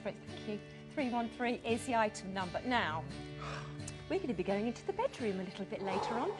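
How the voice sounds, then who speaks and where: A woman's voice: fairly high pitch, lively intonation, fairly quick, over music, rough recording. A woman presenting on a shopping channel, chatty, reading out prices and item numbers. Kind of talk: television presenting.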